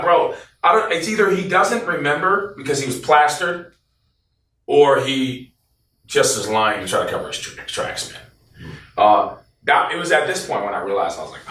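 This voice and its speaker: A man's voice: medium pitch, normal speed. A man in an interview telling a story bluntly, swearing often and acting out what others said. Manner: blunt, profane, animated retelling with quoted voices. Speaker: interviewee, former team member. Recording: roomy echo, distant from the mic.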